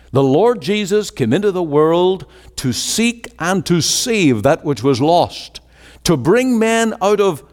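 Man, preacher, emphatic sermon delivery, lively pitch, reverberant sanctuary. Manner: emphatic, rising and falling preaching cadence. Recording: long hall reverb.

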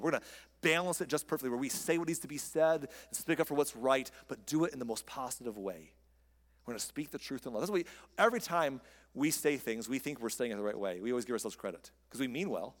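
A male preacher delivering a sermon in a conversational, animated storytelling manner, speaking from a podium in a large hall. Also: a little high. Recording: long reverb of a large hall.

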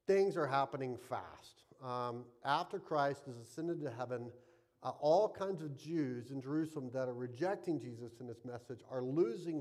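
Expressive male pastor preaching. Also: medium pitch. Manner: expressive reading with emphatic rises and soft, trailing phrase ends; relaxed preaching with fillers. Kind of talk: sermon with scripture reading.

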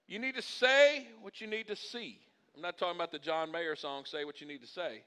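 A man delivers a sermon in a high, ringing voice. He mixes folksy humor with impassioned preaching that swells to loud, forceful peaks, with a bright, sharp edge to his tone. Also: brisk, few pauses, smooth. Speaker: pastor.

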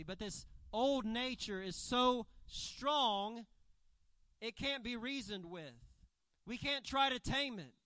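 A man's voice: very high-pitched, sharp tone, no room sound, rough recording. A man preaching a sermon as a missionary, emphatic and fond of repeating key phrases. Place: church.

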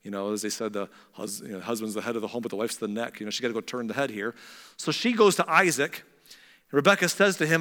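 A man's voice: medium pitch, fast, bright, forceful tone, long reverb tail. A man preaching, casually retelling a Bible story with chatty asides. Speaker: pastor.

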